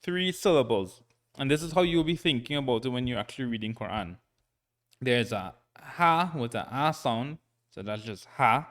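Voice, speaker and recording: A man teaching a recorded Quran reading lesson, patient and checking in often, sounding out syllables slowly and repeating them. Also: mid-range voice, animated, fairly bright tone. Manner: slow, patient, frequent "right?" check-ins.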